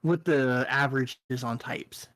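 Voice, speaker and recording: A man co-hosting a casual podcast chat, rambling and joking, now and then slipping into high silly voices. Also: measured pace, a bit bright. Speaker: podcast co-host.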